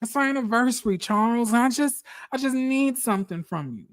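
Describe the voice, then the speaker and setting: A man's voice: very high-pitched, lively intonation, fairly quick, pitched above the performer's own voice. A man voicing a neglected wife pleading with her husband for affection. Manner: pleading, plaintive.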